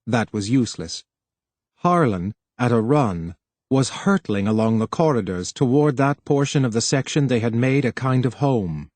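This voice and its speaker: An audiobook narrator, a man, reads a novel aloud as scripted narration at a steady, measured pace. His voice is an ordinary middle pitch, and the recording is close and dry with no room sound.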